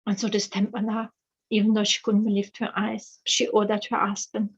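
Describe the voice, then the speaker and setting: A woman telling a fairy tale aloud, slowly and hesitantly, with many fillers. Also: medium pitch, completely flat delivery, breathy edge, muffled recording. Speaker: author and storyteller.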